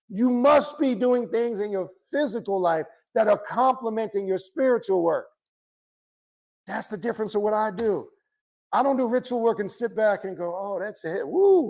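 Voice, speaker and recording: A man teaching about the occult in a blunt, profane, impassioned lecture to his viewers. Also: high-pitched. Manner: blunt, profane, animated ranting.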